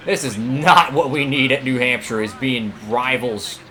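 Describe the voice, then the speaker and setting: Bright-voiced excitable racing game commentator. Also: male voice, mid-range voice, unhurried, a little hiss or hum. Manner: excitable, talks to rival drivers, frequent outbursts. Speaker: gaming channel host.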